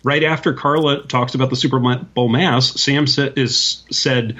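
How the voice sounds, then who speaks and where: Man, podcast co-host, husky, bright, halting restarts, slightly lo-fi sound. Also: mid-range voice. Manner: thoughtful, halting restarts, quotes lines in lively voices. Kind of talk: casual chat.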